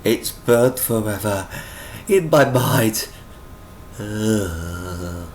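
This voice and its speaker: A young man casually reviewing a comic book, animated and incredulous, with frequent exclamations. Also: lowish voice, very slow, a little hiss or hum, low-quality recording.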